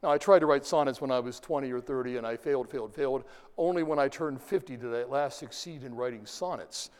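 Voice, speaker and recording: In a big-sounding room, a middle-aged man lectures quickly in a mid-range, slightly mellow voice that is clear and resonant. He asks the class questions, reads verse aloud and taps out its rhythms.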